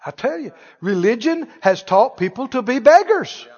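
A man's voice: extremely high pitch, big pitch swings, normal speed, darkish tone. A man preaching a sermon, asking playful rhetorical questions with emphatic delivery. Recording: echoey hall, dull sound.

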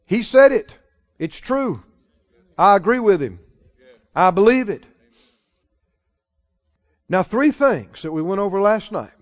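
A man's voice: high voice, sing-song, takes it slowly, pauses often. A man preaching a sermon, stretching out his key phrases for emphasis and chuckling now and then. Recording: dull lo-fi sound.

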